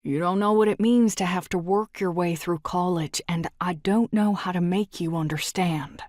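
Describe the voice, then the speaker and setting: A woman voicing a blunt, resentful young man with a slow Texas drawl and a cold, low delivery. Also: darkish tone, dry recording, studio quality, natural voice. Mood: firm.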